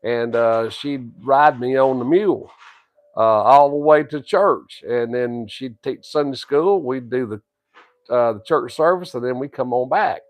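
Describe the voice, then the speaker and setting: A man's voice: mid-range voice, a little slow, dry recording. Folksy grandpa in his sixties. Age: 60s. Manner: drawling, rambling tall tale with a deadpan punchline. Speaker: co-host, grandfather. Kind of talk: folksy storytelling and casual wrestling chat.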